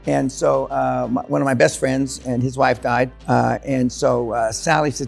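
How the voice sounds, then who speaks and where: A man's voice: mid-range voice, fairly even intonation, moderate pace, gravelly, hardly any pauses, darkish tone, faint music behind. An older man giving a seminar, telling stories in a blunt, crude, swearing way in a large room. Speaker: seminar speaker. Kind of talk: profane seminar storytelling.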